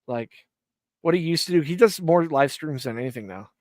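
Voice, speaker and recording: Man, fairly high voice, dry close sound, rambling, swearing, joking, casual stream chat. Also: lively intonation, normal speed, darkish tone, no room sound. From Ireland. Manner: rambling, profane, jokey rants. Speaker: stream host.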